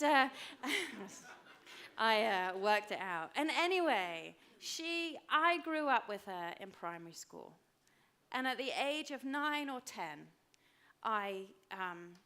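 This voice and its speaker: A woman in her fifties preaching a sermon, emphatic and repeating phrases for weight, dropping to a hush for personal stories. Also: medium pitch. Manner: drops to a hushed voice for personal stories. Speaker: pastor.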